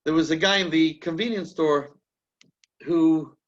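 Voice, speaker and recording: Higher-voiced man teaching, dull recording. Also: a little slow. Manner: chatty, restarts sentences while thinking aloud. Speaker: rabbi teaching a class. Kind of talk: conversational teaching with anecdotes.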